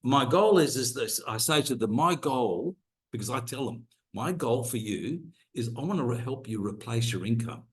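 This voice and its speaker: A man's voice: mid-range voice, expressive, normal speed. A middle-aged man coaching his team on a video call, earnest and promising, with frequent restarts. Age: 40s or older. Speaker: co-host, business coach. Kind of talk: motivational call talk.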